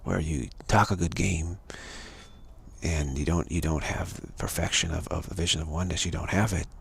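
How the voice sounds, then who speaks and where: A man's voice: deep voice, steady tone, moderate pace, vocal fry, slightly rough. A man giving a rambling spiritual talk on a live stream, repeating himself and restarting words often. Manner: repetitive, stumbling restarts, earnest. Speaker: spiritual teacher.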